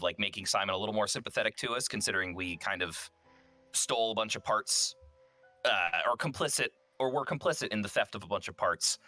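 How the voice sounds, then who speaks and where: A man's voice: on the low side, pushed and bright, no room sound. A man playing a tabletop game, explaining his character's plans in a rambling way with many ums and restarts. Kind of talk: casual tabletop game chat.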